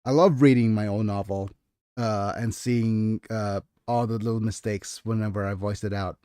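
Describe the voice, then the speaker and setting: A man hosting a casual livestream about his own writing, chatty and quick to correct himself. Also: fairly low pitch, steady tone, warm tone, clear, resonant tone, dry recording, clean studio sound. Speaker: streamer and author.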